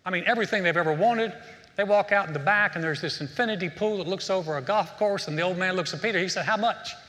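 Bright high-voiced male preacher. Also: quick pace. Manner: conversational, repeats words as he restarts. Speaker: pastor. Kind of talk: sermon with a told joke. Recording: preached in a hall with long reverb.

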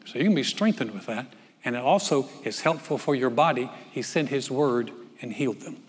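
A man's voice: medium pitch, a little fast, long reverb tail. A male pastor preaching a conversational sermon, often repeating words and asking the congregation questions.

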